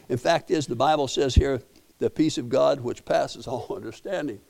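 A middle-aged man preaches a sermon, his voice carrying a gravelly edge. He speaks in a folksy, storytelling way, circling back with repeated words and restarts as he makes his points. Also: medium pitch, normal speed, darkish tone. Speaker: pastor.

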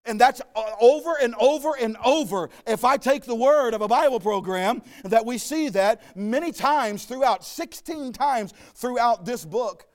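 Preacher man from Arkansas, high voice, folksy joking sermon style. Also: lively intonation, a little slow, hardly any pauses. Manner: folksy, joking asides, storytelling.

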